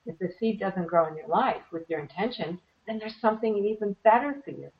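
A woman teaching meditation in an earnest, conversational way, slightly hoarse from losing her voice. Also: medium pitch, animated, fairly quick. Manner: earnest, plays out little voices in quotes. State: losing her voice, clearing throat. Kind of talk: relaxed conversational advice. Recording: distant, dull lo-fi sound.

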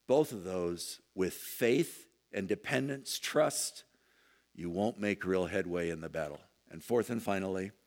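A man preaching a sermon, moving from low, intense delivery to loud impassioned emphasis. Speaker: pastor.

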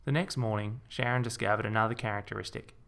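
Brief: male storyteller, dry deadpan delivery, gravelly texture. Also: on the low side, fast talker. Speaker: narrator. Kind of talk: comic audiobook narration.

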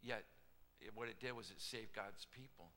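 Animated preacher in a reverberant hall. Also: male voice, on the low side, normal speed, a little hiss or hum. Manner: animated storytelling with casual asides and voiced quotes. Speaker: pastor. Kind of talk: sermon.

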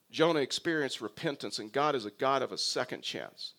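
A man's voice: mid-range voice, lively intonation, brisk, creaky, a bit bright. A male pastor preaching a sermon, telling stories with humor and often restarting his sentences. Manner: humorous storytelling with frequent restarts.

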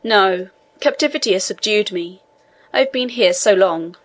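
A woman's voice: mid-range voice, moderate pace, close to an everyday voice. A woman voicing a young male sailor held in prison, earnest and imploring in a storybook reading. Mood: pleading.

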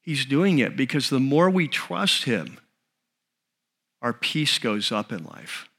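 A man preaching a sermon, telling a story in an animated, conversational way with frequent restarts. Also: mid-range voice, slow pace, creaky. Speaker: pastor.

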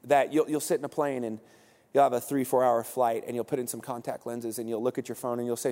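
Animated pastor in his forties. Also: mid-range voice, quick pace. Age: 40s. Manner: animated, joking, acting out quotes. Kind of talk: sermon. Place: church auditorium. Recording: reverberant hall.

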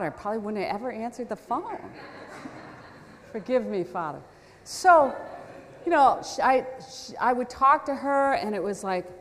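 A woman preacher with a fairly high, very animated voice that rises and falls as she tells a story. She talks conversationally, with self-deprecating asides. A long reverb trails her words around a large hall. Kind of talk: storytelling sermon.

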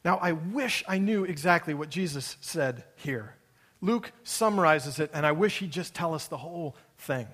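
A man's voice: a little high, animated, moderate pace, a bit bright, in a large hall. A man preaching a sermon as a pastor, in a conversational, wry storytelling manner that acts out the quoted lines.

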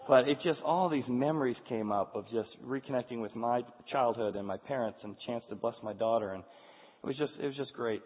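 Man in his 40s, husky voice, candid storyteller sharing a faith story with a crowd, tinny audio with long hall reverb. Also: mid-range voice, brisk. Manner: earnest and candid, with frequent restarts. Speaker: speaker addressing an audience. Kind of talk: personal storytelling talk. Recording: tinny, echoey hall sound.

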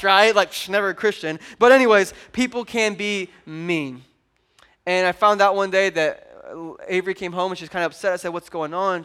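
A man in his thirties preaches to his congregation in a high, lifted voice. He is animated and conversational, teasing the crowd and joking between points. His delivery moves from loud calls to the room down to quiet, intimate asides. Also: clean tone. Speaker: pastor. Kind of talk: sermon.

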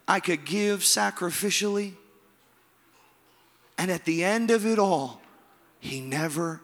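A man preaching a sermon to his congregation, with dramatic pauses, soft low drops and rising, emphatic calls. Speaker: pastor. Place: large church hall. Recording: long hall reverb with piano behind. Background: soft piano.

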